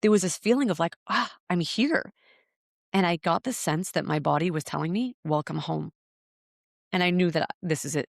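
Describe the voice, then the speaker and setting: A woman guest on a podcast, a breathwork teacher, shares her story in a reflective interview, sounding earnest and searching and often repeating words as she thinks. Her lowish voice moves at a quick pace with few pauses. The recording is dry and studio quality.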